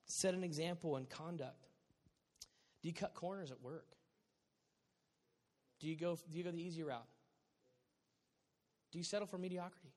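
A male pastor preaches with a high, bright voice that swings from quiet asides to loud bursts. His delivery is lively and humorous. The sound rings with the long reverb of a large church sanctuary. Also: normal speed, long pauses. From Southern California. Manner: animated, joking preacher with sudden loud bursts. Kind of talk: sermon.

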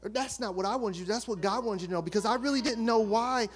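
A man giving a fervent testimony sermon, acting out the people in his story and rising to loud, forceful bursts. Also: high-pitched, fast talker, soft background music. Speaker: preacher.

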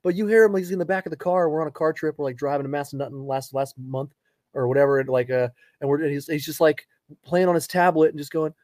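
A man in his thirties co-hosting a podcast, telling family stories in a casual, animated way and laughing along. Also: on the high side, fast, no echo. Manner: animated storyteller, laughs through his anecdotes. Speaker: podcast co-host. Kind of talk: casual chat.

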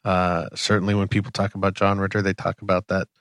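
A man's voice: low-pitched, monotone, quick pace, dry recording, studio quality. A man co-hosting a casual movie podcast, rambling with many ums and restarts. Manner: rambling, full of filler words. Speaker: podcast co-host. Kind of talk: casual chat.

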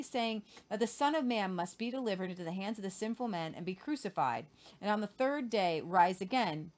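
A woman's voice: medium pitch, lively intonation, a little fast. Woman reading scripture with casual asides. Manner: earnest, stumbles and repeats words while reading. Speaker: co-host of a Christian show.

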